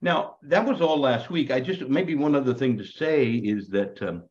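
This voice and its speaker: Animated man teaching a Bible class. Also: mid-range voice, normal speed. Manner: animated, joking, self-described ham. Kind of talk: lively classroom lecture. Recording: dull lo-fi recording.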